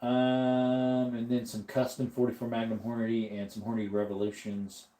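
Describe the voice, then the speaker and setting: A man's voice: medium pitch, normal speed. An American man hosting a casual live stream, chatting loosely, reading out comments and laughing often. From United States. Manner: relaxed, chatty, reads chat aloud and laughs often.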